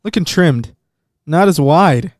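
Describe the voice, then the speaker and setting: A podcast host with a slightly high, animated voice takes his time in casual, talkative conversation, hesitating with lots of ums. The recording has no room sound.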